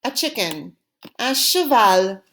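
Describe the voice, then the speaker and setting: Slow, lively-voiced woman teaching French vocabulary. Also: fairly high pitch. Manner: slow, deliberate, repeating words for students. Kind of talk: language lesson drills.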